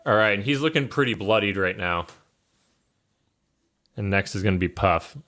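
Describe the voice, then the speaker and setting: Relaxed low-voiced man running a tabletop game. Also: normal speed. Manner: casual, loose narration with many fillers. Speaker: game master.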